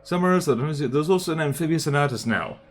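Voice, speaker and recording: Lively Australian man streaming. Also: a little high, faint music behind. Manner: chatty, jokey, quick to laugh. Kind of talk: casual live-stream chat over gameplay.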